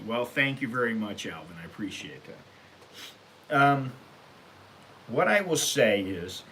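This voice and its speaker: A middle-pitched American man talks straight to camera in a loose, rambling monologue, blunt and opinionated, and his voice climbs when he gets going. A faint hiss sits under the recording. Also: lively intonation, moderate pace, fairly bright tone. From United States. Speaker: vlog host. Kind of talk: casual vlog monologue. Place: Thailand.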